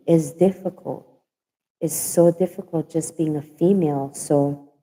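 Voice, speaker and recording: A woman from Hawaii with a Pidgin-tinged accent talks casually to her livestream viewers, going over her points again and again. Her voice sits low and sounds deeply mellow. A long reverb trails behind her words. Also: slightly rough. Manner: chatty, repeats herself for emphasis. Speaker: livestream host. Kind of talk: casual chat.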